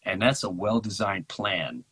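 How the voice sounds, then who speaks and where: A man talking in an impassioned, animated way in a casual podcast conversation, acting out quotes in mocking voices. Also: lowish voice, unhurried, husky, low-quality recording. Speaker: podcast guest.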